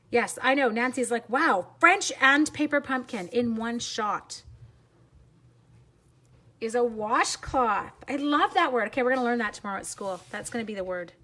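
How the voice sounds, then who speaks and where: A woman hosting a live papercraft tutorial, bubbly and chatty, quick to laugh while she answers viewers. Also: mid-range voice. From Canada. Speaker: papercraft demonstrator and teacher.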